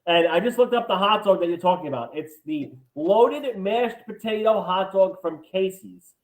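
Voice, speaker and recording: High voiced podcast guy, super animated, roomy echo on the mic. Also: normal speed. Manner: lively, chatty, eager to chime in. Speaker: podcast co-host. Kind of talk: casual chat. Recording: echoey room.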